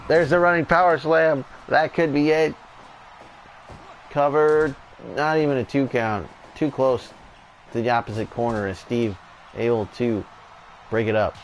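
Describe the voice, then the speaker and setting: A man doing relaxed, chatty play-by-play commentary over a wrestling video game, going off on tangents now and then. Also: medium pitch, unhurried, pauses often, a little hiss or hum.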